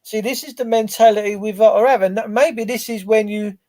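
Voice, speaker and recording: A high-pitched man cuts into the conversation with firm, lecturing points. He backs up his co-host with quick, emphatic agreement in between. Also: steady tone, warm tone. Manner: assertive, lecturing, quick affirmations. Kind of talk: casual chat.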